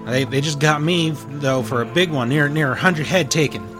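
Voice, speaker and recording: A man playing a high-strung blustering cattle rancher, Howard Jones. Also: moderate pace, over music, natural voice. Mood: grumbling. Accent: put-on western rural drawl. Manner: blustery, swearing, stumbling over words.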